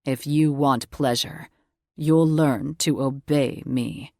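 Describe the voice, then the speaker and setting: A woman voicing a dominant male alpha wolf shifter, murmuring in a low, slow, possessive way. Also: a little mellow, dry recording, studio quality, full character voice.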